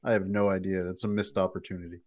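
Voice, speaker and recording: A man's voice: sits low, level tone, fast, darkish tone. A man co-hosting a podcast, making dry, wry asides in casual banter. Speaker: podcast co-host. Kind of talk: casual banter among friends.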